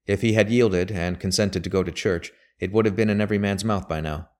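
A man's voice: fairly low pitch, fairly even intonation, natural voice. A man voicing a grave old lawyer. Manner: grave, emphatic, measured. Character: grave elderly male lawyer, shrewd and bitter. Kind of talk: audiobook character voice.

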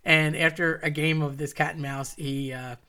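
A woman's voice: sits low, fairly even intonation, normal speed, pushed and bright. A woman telling a personal story with wry, self-mocking asides. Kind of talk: personal story told to an audience.

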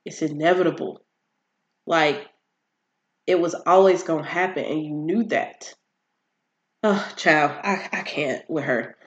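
A person casually recapping a TV series on their own channel, animated and exasperated, with emphatic asides and quick impressions of the characters. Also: medium pitch, gravelly, dull audio. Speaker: TV show recapper.

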